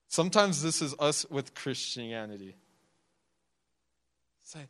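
A man's voice: medium pitch, animated, slow, pauses often, fairly bright tone. A young man preaching a sermon in a conversational way, laughing often and acting out the people in his stories. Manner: conversational, laughs often, acts out quotes in the story.

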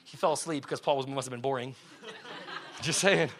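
A man preaching a sermon to a congregation in slangy, conversational talk, swinging from shouts down to hushed words and often asking the crowd questions. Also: medium pitch, fast. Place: church before a congregation.

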